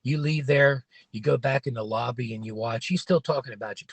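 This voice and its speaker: A man's voice: mid-range voice, fairly quick, creaky, husky, dry recording. A man hosting a casual livestream from his parked car, rambling and opinionated with many restarts. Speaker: livestream host.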